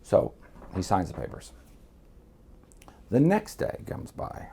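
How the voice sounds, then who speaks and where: A man's voice: fairly low pitch, wildly swooping pitch, slow, gravelly, warm tone, husky. A middle-aged man from Miami, telling a blunt, profane story as a guest. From Miami, United States. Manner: blunt, swears freely, acts out quotes.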